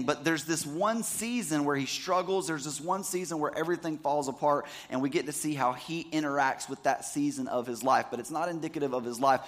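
Conversational man preaching a sermon. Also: fairly high pitch. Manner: conversational, asks the congregation to follow along. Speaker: pastor.

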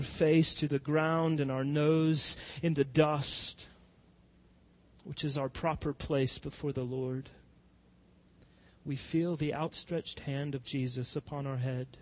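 Male pastor preaching, high voice, drawn out and slow, gets loud then goes quiet. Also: little pitch movement. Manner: impassioned preaching, rising to loud cries then dropping soft. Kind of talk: sermon.

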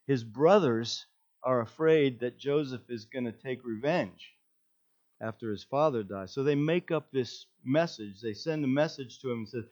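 A man preaching a sermon, telling the story with animated delivery and acted-out quotes. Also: mid-range voice, moderate pace, dull audio. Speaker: pastor.

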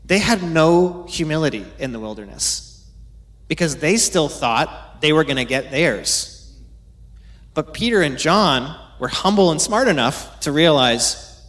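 A man's voice: a little high, animated, measured pace, a bit bright. A man preaching a casual, conversational sermon, teaching from the Bible and acting out quoted voices now and then.

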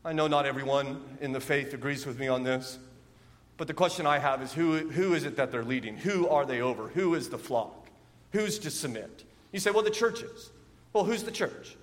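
A middle-aged man with a high voice preaches a sermon in a church sanctuary. He speaks earnestly, repeats phrases for emphasis and builds to animated peaks. The long reverb of the hall trails after his words. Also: normal speed. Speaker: pastor.

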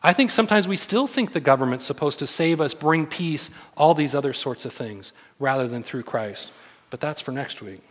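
A man's voice: a little high, expressive, moderate pace, a bit bright. A man preaching a sermon as pastor, earnest, often putting rhetorical questions to the room. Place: church hall. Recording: long hall reverb.

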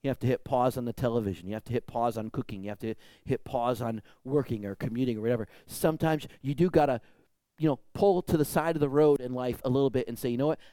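A man's voice: mid-range voice, quick pace, warm tone, no room sound. A man preaching a sermon in a conversational way, acting out voices when he tells a story. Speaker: pastor.

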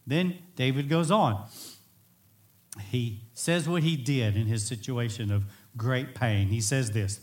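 A man preaching a sermon in an earnest, emphatic way, sometimes swelling to near-shouts. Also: medium pitch, lively intonation, takes it slowly. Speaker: pastor.

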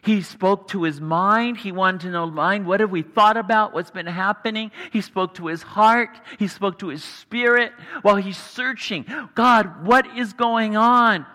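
A man preaching a sermon, earnest and explanatory, pausing for emphasis. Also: sits high, sharp tone. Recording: long hall reverb.

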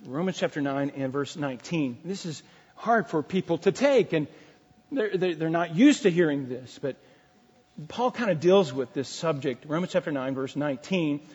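A man's voice: on the high side, animated, normal speed, a little mellow, husky. A man preaching an expository sermon as pastor, with emphatic rises and many restarts. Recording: dull lo-fi recording in a reverberant hall.

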